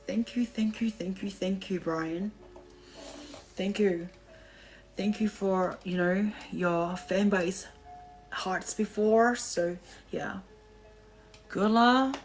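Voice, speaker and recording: A weary woman talks slowly to her live-stream viewers in a mid-pitched voice, stopping now and then to catch her breath. She thanks them in a soft, drawn-out way. Faint music plays behind her computer mic. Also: rough recording. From Australia. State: tired, resting her voice. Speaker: livestream host. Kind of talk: casual live-stream chat.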